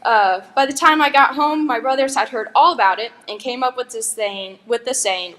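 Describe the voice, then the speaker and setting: Her pitch fairly high and her tone fairly bright, a young valedictorian speaks at a moderate pace with few pauses during her school's graduation ceremony. Her commencement address is chatty and playful, punctuated by giggling asides.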